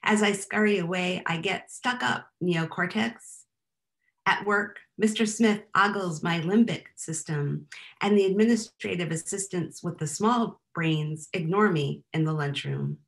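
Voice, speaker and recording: A woman poet reads her own work aloud at a live reading. Her voice sits a little low, and her delivery is wry and deadpan. Between poems she drops into loose, chatty asides. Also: a little slow.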